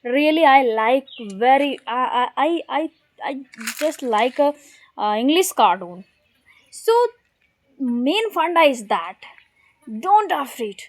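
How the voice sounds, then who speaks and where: Hindi-native woman vlogger, unhurried delivery, stops and restarts often, encouraging tone, recorded outside. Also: high voice, animated, rough recording. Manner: hesitant, repeats words, encouraging. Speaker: vlogger teaching English. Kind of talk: casual motivational vlog. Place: outdoors in a village.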